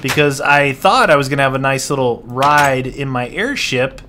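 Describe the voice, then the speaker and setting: Over background noise, a male gaming channel host talks at a moderate pace in a mid-range voice during casual let's-play commentary. He sounds dismayed, frequently exclaiming and muttering to himself as he plays.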